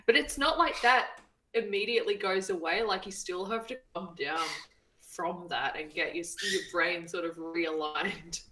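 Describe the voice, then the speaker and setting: A woman guest in a casual chat, talking in a relaxed, reflective way and agreeing with her friend. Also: fairly low pitch, unhurried, a little hiss or hum, low-quality recording.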